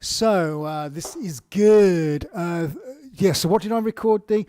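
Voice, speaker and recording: An English man in a fairly high register chats through a live-stream Q&A, reading out viewer questions and then answering them. His talk is loose and friendly, full of "um"s and restarts, and the sound is dry and close with little room. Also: slow, warm tone, no room sound. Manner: chatty, reads questions aloud then answers with fillers and restarts. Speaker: artist hosting a live Q&A.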